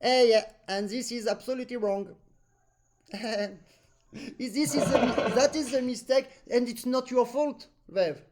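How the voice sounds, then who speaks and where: A man coaching an accordion student in a lesson, a native French speaker talking in animated, non-native English and humming musical phrases. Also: very high voice, measured pace, heavy background noise. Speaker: accordion teacher. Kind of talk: masterclass coaching.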